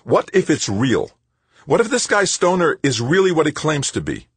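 A man's voice: fairly high pitch, huge pitch swings, moderate pace, slightly rough, no echo, pitched above the performer's own voice, full character voice. A man voicing a younger man under interrogation, heated and incredulous, in an audiobook. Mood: agitated.

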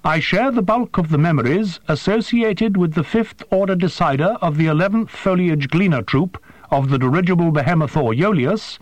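A man voicing a small, dark, winged female alien creature who speaks in a precise, formal, matter-of-fact way. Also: sits high, no room sound, pitched above the performer's own voice. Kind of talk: audiobook character voice.

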